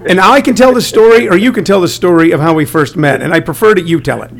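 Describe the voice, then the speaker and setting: A man's voice: high-pitched, fast talker, gravelly. A middle-aged man, a comedian who teaches comedy, chatting casually and acting out the people in his stories. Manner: animated storyteller, acts out quotes. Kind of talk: casual chat.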